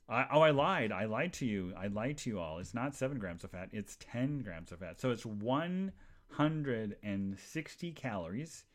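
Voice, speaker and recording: A man hosting a podcast, telling a long rambling story in a chatty, animated way with many asides to his listeners. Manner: rambling and animated, jumps to high voices for quoted people. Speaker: podcast host. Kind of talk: casual monologue storytelling.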